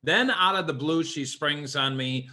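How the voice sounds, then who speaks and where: Blunt, bright-voiced man co-host. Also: a little high, a little slow. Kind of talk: candid talk show chat.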